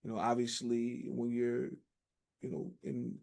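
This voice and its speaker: Male host, mellow warm voice, thoughtful and affirming. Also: mid-range voice, little pitch movement, unhurried, creaky. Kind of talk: interview conversation.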